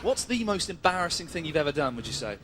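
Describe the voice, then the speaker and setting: A man's voice: on the high side, very animated, quick pace, heavy background noise. A man doing a mock news report and cheeky, provocative street interviews outdoors. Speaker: comedy reporter.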